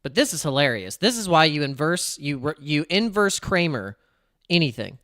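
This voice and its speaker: A man's voice: on the high side, big pitch swings, normal speed, a bit bright. A man chatting casually on a crypto live stream, rambling and cutting himself off, laughing often.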